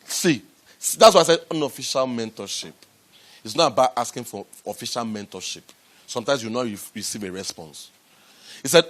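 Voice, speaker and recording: A man talks to a room of listeners about raising money for startups. He circles back over his own phrases and swings from quiet asides to loud, emphatic pushes. His voice sits at an ordinary middle pitch for a man. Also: a little fast. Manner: animated, repetitive, rising to loud emphatic bursts. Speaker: startup founder giving a talk. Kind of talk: motivational talk to a live audience. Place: event room with an audience.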